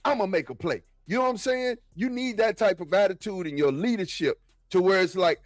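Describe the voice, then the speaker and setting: A man talking football in a casual, excitable, slangy way, often repeating himself. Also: high-pitched, brisk, no echo. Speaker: football podcast guest. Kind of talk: casual sports talk.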